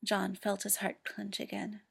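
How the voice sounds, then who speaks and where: A woman reading a story aloud as narrator, steady and expressive. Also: mid-range voice, unhurried, creaky, husky. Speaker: reader. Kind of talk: audiobook narration.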